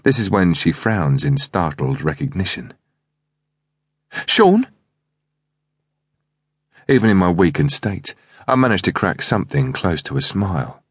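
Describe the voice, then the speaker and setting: Deep-voiced man reading a thriller. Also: expressive, breathy edge, no room sound, clean studio sound. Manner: measured first-person thriller reading. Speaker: audiobook narrator. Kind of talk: scripted audiobook narration.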